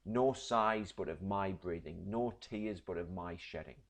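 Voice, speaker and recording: A teacher reading as an anguished old moneylender. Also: male voice, low voice, a little slow. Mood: bitter anguish. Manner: loud, impassioned reading of verse. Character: distraught older male moneylender, bitter and grieving.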